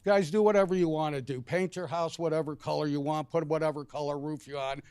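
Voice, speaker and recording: A man's voice: a little high, steady tone, quick pace, darkish tone, smooth, no echo. A man resident speaking bluntly and indignantly during public comment at a city commission meeting. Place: city council chamber.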